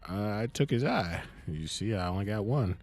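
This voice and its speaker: A man voicing a very old, eccentric male shopkeeper who mumbles slowly without looking up. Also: fairly low pitch, animated, a little mellow, soft background music. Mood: dry menace. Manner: mumbling, slow and drawn out, not looking up.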